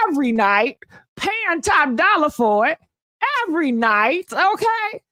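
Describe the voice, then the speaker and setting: A woman hosting a live gossip stream, sassy and animated, chatting with viewers and answering comments. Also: very high-pitched, slow pace, no room sound. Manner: sassy, animated, calls viewers honey and baby, laughs often. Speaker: host of a live gossip channel. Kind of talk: casual live-stream chat reading comments.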